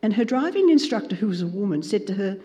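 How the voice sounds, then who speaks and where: High-voiced man telling a story. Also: quick pace. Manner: animated storyteller acting out dialogue. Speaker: Christian speaker. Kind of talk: storytelling talk. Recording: long reverb in a hall.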